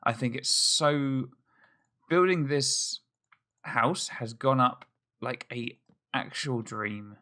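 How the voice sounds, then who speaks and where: A man's voice: mid-range voice, takes it slowly, pauses often, pushed and bright. A man hosting a let's play, thinking aloud in chatty, self-mocking commentary as he plays. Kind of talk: casual gameplay commentary.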